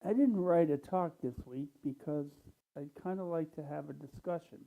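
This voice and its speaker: Through tinny audio comes a man with a fairly high, creaky voice, chatting informally to a congregation at church. He seems tired and low-energy, taking his time and speaking plainly with plenty of ums and pauses.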